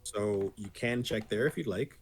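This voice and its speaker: A man running a tabletop game as game master, talking casually with many pauses and fillers, and the odd swear. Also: lowish voice.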